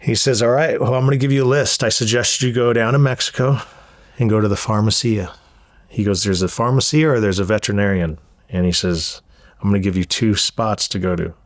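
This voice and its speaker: A man from Southern California recounts his past as an interview guest, cursing freely and stumbling over repeated words. His voice sits on the low side, heard close and dry with no room sound around it. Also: steady tone, brisk, no room sound. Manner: candid, profane, repeats words as he goes. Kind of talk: storytelling interview.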